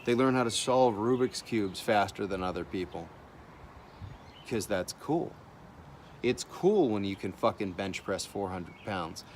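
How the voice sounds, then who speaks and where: Blunt, animated male artist, profane monologue, faint ambient noise behind. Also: on the low side. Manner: blunt, animated, swears freely. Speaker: artist sharing opinions.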